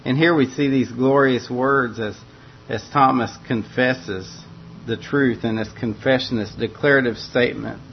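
A man's voice: steady tone, unhurried. A man preaching a sermon, earnest and repeating phrases for emphasis. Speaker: pastor. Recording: muffled lo-fi recording with faint rumble.

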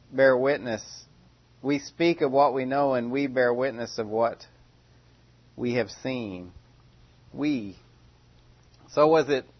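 A man's voice: mid-range voice, muffled recording. A man preaching a sermon in a conversational, questioning way, often restarting his phrases.

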